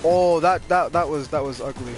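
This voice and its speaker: A man hosting a gaming channel, chatting casually while he plays and getting loudly worked up when he loses. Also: on the high side, moderate pace. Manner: excitable, gets loudly worked up over losses. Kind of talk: casual gameplay commentary. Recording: game music under the voice.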